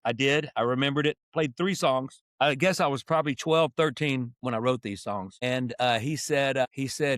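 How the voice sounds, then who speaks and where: Speaking at a moderate pace with few pauses, a man in his sixties uses a medium-pitched voice, recorded in clean studio sound without echo. He's a musician and podcast co-host who tells stories in casual conversation, animatedly acting out quoted lines.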